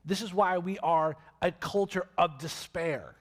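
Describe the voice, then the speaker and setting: Male pastor, mid-high voice, animated sermon delivery, long church-hall reverb. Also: a little slow. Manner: animated, acts out voices and questions with big swings in loudness. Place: church sanctuary.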